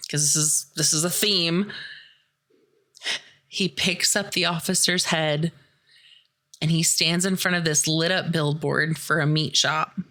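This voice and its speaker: A woman hosts a casual podcast and retells a horror film scene by scene. She talks in an animated, profane way. Her voice sits low in pitch but has a bright, forceful edge. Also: measured pace, long pauses. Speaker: podcast host.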